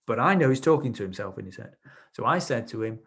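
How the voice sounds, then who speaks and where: A man's voice: mid-range voice, lively intonation, fast talker, vocal fry, fairly bright tone, husky. A man teaching a webinar as a trainer, explaining his ideas through anecdotes from his sessions, with frequent restarts. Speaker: NLP trainer. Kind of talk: webinar lecture.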